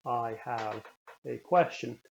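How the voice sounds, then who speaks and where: A man with a mid-range voice teaching a recorded language lesson. He sounds out each word slowly and carefully, then repeats it for the learner. The recording is a little dull and lo-fi. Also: medium pitch, vocal fry, a little hiss or hum. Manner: slow, careful pronunciation drills.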